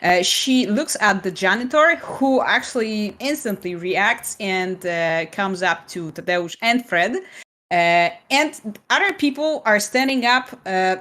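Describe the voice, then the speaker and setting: Slow, hesitant woman narrating a game scene. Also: mid-range voice, animated, fairly bright tone. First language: Polish. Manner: hesitant, full of fillers.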